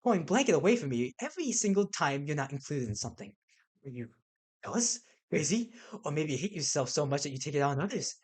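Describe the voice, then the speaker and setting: A man voicing a soft-spoken young woman who talks in a hushed, creepy, intense way. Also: a little high, big pitch swings, fast talker, breathy edge. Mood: venomous.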